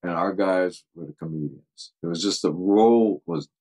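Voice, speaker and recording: An older man, a football coach, telling lively anecdotes in a casual interview, laughing often and acting out what others said. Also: deep voice, moderate pace, rough recording. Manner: animated anecdotes, acts out quoted voices, laughs often.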